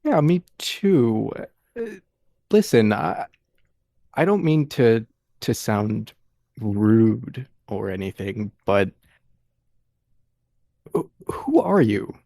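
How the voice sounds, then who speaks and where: A man plays a wary, polite young woman in a tabletop role-play, speaking slowly with a gravelly edge. Dry and hesitant, the voice is recorded close with no room sound. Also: on the low side, very animated, mellow, dry recording, exaggerated voice.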